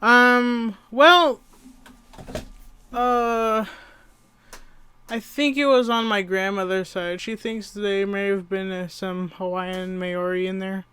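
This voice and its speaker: A podcast co-host chatting casually, with short, low-key replies. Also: little pitch movement, takes it slowly, pauses often, pushed and bright, smooth. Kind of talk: casual chat.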